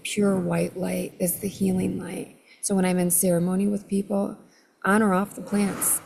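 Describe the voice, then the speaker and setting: A middle-aged woman, an energy healer, telling her story as a guest with an expressive, loud, laughing manner. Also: lowish voice, creaky, a little hiss or hum. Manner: expressive, laughs often, self-described loud. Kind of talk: animated storytelling in conversation.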